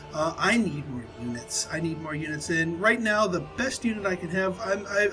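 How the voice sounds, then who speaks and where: Chatty high-voiced man commentating a strategy game. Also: fairly bright tone, low-quality recording. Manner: casual, chatty, many fillers and restarts. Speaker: gameplay commentator.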